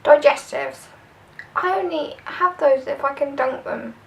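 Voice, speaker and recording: A young vlogger from southern England chats casually through a tag video, rambling with plenty of fillers. Her voice is high and creaky at a measured pace, recorded on a distant mic with the highs cut off.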